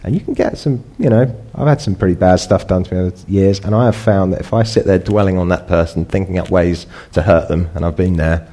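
A middle-aged man delivers a sermon in a relaxed, conversational way. His voice sits low, and he pushes it up into emphatic peaks when he wants to stress a point. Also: fast talker, hardly any pauses. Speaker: pastor.

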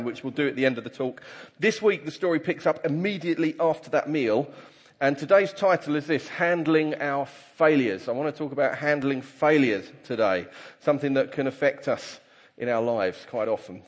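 A man preaching a conversational sermon to his congregation and reading scripture aloud with animated delivery. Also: on the high side. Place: church hall. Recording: reverberant church hall.

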